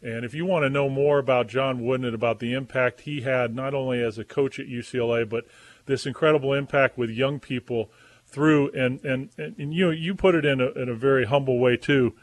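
A man's voice: mid-range voice, steady tone, fairly quick, dry recording. A male radio host asking long, enthusiastic questions in an interview.

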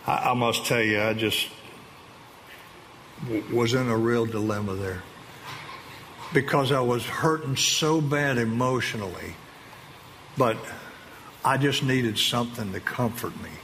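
A man giving an emotional personal testimony to an audience, earnest and halting, with slow emphatic phrases. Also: mid-range voice, a bit bright. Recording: long reverb of a large hall with faint ambient noise.

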